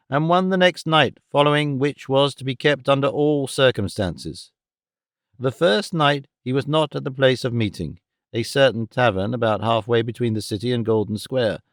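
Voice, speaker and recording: A man narrating a classic novel in a measured, expressive audiobook reading. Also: mid-range voice, no room sound, studio quality.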